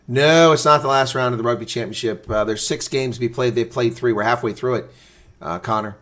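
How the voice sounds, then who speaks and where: A man giving live reaction play-by-play commentary of a rugby match for his stream, shifting from calm calling to loud outbursts and answering viewers in chat. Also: medium pitch, fairly quick. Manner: excitable, swings from calm calling to loud outrage; talks to chat viewers between plays.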